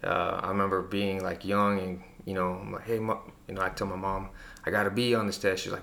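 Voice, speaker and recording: A man telling personal stories in a relaxed, casual conversation, with lots of fillers. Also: sits low, a little fast, gravelly, hardly any pauses. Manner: relaxed storytelling with many fillers. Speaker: guest.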